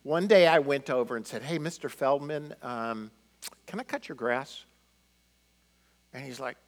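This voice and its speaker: A middle-aged man telling personal stories in a conversational sermon, animated and full of fillers. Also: mid-range voice, moderate pace. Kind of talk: sermon storytelling.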